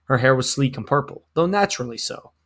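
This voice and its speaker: A man's voice: medium pitch, animated, quick pace, fairly bright tone. A man co-hosting a podcast, bantering playfully and reading a text aloud with mock drama. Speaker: podcast co-host.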